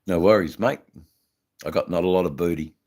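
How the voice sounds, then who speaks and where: A man's voice: deep voice, a little fast, a little mellow. An Australian man hosting a casual live stream, rambling with lots of fillers and slang while smoking. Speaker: livestream host.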